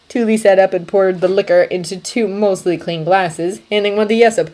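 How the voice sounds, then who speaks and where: A woman reading fanfiction aloud as audiobook narration, even and unhurried. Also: mid-range voice. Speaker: fanfiction reader.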